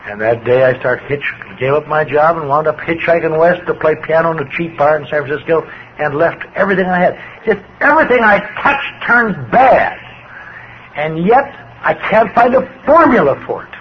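A man's voice: on the high side, lively intonation, normal speed. An older man giving a plainspoken personal testimony to a recovery group, his voice swinging with emotion as he tells his story. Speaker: recovery speaker. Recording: dull lo-fi recording with faint hiss.

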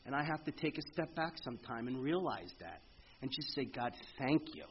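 A middle-aged man speaking earnestly at a recovery meeting, telling his story in a halting way with frequent restarts. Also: mid-range voice, very animated, noisy background. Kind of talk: personal recovery testimony. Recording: muffled lo-fi meeting recording with faint ambience.

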